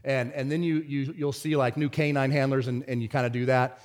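A pastor delivering a conversational sermon, telling stories in an animated, stop-and-start way. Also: male voice, medium pitch, a little fast. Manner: conversational storytelling, animated, many restarts.

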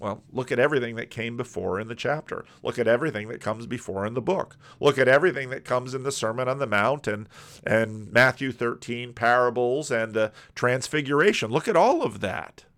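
A man preaching a sermon, explaining a parable and acting out its characters with animated, rising outbursts. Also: mid-range voice, a little fast.

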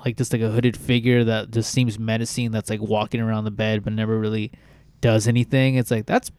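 A young man on a podcast, chatting in a loose, laid-back way with lots of swearing and filler words. His voice is smooth and clear, recorded close and dry with no room sound. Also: lowish voice, little pitch movement, fairly quick, darkish tone, no echo. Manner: laid-back, swears a lot, says "like" and "dude" constantly. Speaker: podcast co-host. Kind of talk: casual podcast chat.

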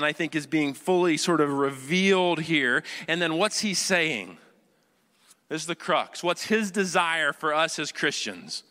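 Male pastor, mid-high voice, conversational sermon that questions the congregation and rises to fervent peaks. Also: sharp tone, big-room sound. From United States.

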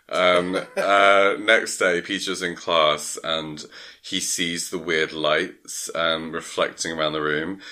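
A man with a very deep voice and a bright, forceful edge to it, talking a listener through a story in a loose, casual podcast chat. He rambles as he goes, with plenty of "um" and "like" between his thoughts. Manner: rambling, full of "um" and "like". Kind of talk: casual chat, film plot recap.

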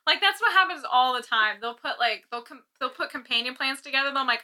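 A woman's voice: high-pitched, expressive, fast, hardly any pauses, bright, forceful tone. A woman co-hosting a casual podcast chat, swearing freely and breaking into laughter as she rants. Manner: ranting, swearing, laughing often. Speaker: podcast co-host. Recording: uneven home podcast sound.

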